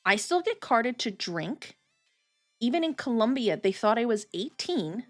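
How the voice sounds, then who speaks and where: A woman in her thirties chatting casually on a livestream, telling stories with lots of swearing and quick restarts. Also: on the high side, sing-song, faint music behind. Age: 30s. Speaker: streamer.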